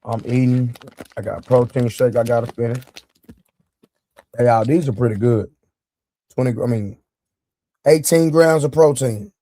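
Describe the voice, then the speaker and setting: A livestream show host jokes loosely and greets viewers by name, talking straight to his chat while eating and dealing with a sore leg. His mid-range voice has a dark tone and a moderate pace with frequent pauses, recorded dry.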